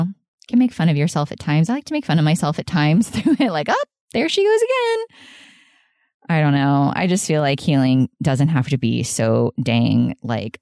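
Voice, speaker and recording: A woman's voice: low voice, a little mellow, dry recording, clean studio sound. A woman hosting a solo podcast, talking in an earnest, rambling way, often laughing and saying "like". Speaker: podcast host.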